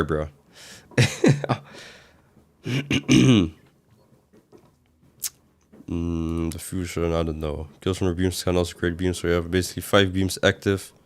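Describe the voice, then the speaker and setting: A man with a fairly low voice talks through a game livestream. He reads his chat aloud and answers it, rambling casually between sudden exasperated outbursts. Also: clean tone. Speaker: game streamer.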